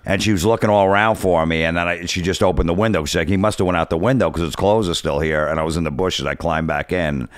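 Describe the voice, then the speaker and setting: A man's voice: deep voice, steady tone, fast talker, hardly any pauses. A man from New Jersey, a comedian guest telling blunt, profane stories in casual chat. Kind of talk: casual storytelling.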